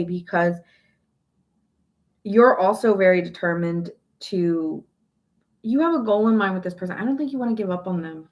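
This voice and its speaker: A woman reads tarot in an easy, chatty style, leaning hard on her words and circling back to repeat them. She is blunt and sounds exasperated at times, with a voice pitched in an ordinary middle range. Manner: chatty, emphatic, restarts and repeats phrases; blunt and exasperated, swears in quoted asides. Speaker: tarot reader. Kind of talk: casual tarot reading to camera.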